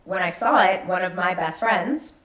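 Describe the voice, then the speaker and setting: A woman on a podcast talks candidly about her own life and slips into the voices of the people she quotes. Her voice sits on the low side for a woman, and it carries the echo of a roomy space. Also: moderate pace. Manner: animated, acts out quoted voices, frequent "like". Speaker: podcast guest. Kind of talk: candid conversational storytelling.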